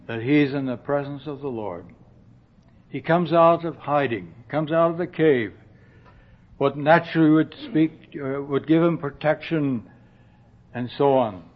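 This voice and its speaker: A man preaching a sermon in a slow, earnest way, often dropping to a soft hush and clearing his throat. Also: fairly high pitch. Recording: dull lo-fi recording.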